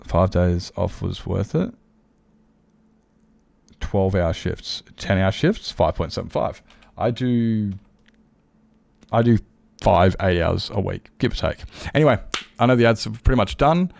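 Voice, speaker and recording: A man chats loosely with his viewers on a livestream, rambling and candid and not shy about swearing. His voice sits fairly low with a gravelly edge, and it rises and falls a lot. The sound is close and dry, with no room around it. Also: animated, unhurried, pauses often, a little mellow, no echo. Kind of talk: casual chat with viewers.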